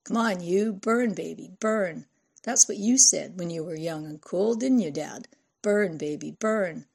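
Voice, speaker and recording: A woman's voice: on the low side, measured pace, creaky, a little mellow, breathy edge, exaggerated voice. A woman doing a sarcastic rebellious teen girl. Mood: taunting. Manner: sarcastic, taunting. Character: defiant teenage girl, mocking and rebellious.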